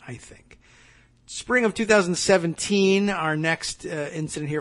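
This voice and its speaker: A man's voice: fairly high pitch, a bit bright. A man hosting a political talk podcast, reading news items aloud and breaking off into sarcastic, chatty asides. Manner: sarcastic, chatty asides between read passages. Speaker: podcast host.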